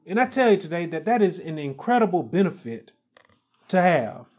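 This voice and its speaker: A man's voice: high-pitched, sing-song, darkish tone. A man preaching a sermon, emphatic and repetitive, building stress on key phrases. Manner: slow, emphatic, repeats phrases with rising stress.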